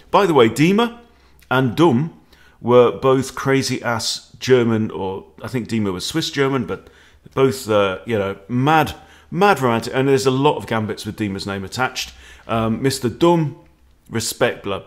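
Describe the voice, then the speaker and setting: A man coaching chess in a jokey, theatrical way. His voice sits at an ordinary pitch but swings up and down a lot as he plays up the moves. He keeps the tone of a friendly lesson. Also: measured pace. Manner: playful, animated, jokey with exclamations.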